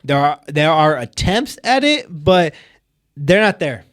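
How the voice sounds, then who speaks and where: A man's voice: on the high side, big pitch swings, a little slow, a bit bright. A young man co-hosting a podcast, reviewing a film in casual chat, rambling with lots of filler words and getting heated. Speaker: podcast co-host.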